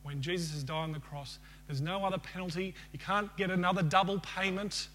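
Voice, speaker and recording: A man with a fairly high-pitched voice preaches to his congregation. He asks them questions and ends by leading a prayer. A faint hum sits under the recording. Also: fairly even intonation, a little fast, a bit bright. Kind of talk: sermon.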